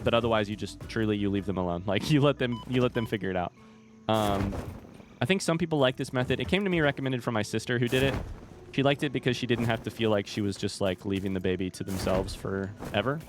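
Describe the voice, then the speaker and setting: A man's voice: lowish voice, a little fast, music in the background. A young man chatting casually with his viewers while he plays a game, telling a long rambling story. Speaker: streamer. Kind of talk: casual chat while gaming.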